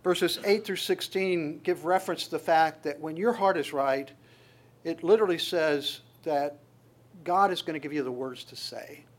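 A man's voice: on the high side, normal speed. A man preaching a sermon, quoting scripture and talking to his congregation in a conversational way, often restarting his sentences. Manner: conversational, quotes scripture and acts out voices in passing; frequent restarts and stammers.

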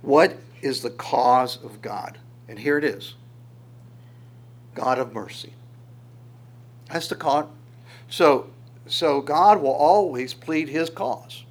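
Man preaching, energetic Bible teaching, medium pitch, lively rhetorical delivery. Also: takes it slowly, pauses often. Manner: animated, voices God's words in quotes, asks rhetorical questions, chuckles. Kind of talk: sermon teaching through Psalms.

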